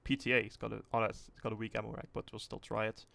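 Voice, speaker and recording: Gravelly man streaming a tank game. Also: fairly low pitch, fast talker. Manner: thinks aloud, rambling and relaxed, swears casually. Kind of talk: casual livestream commentary.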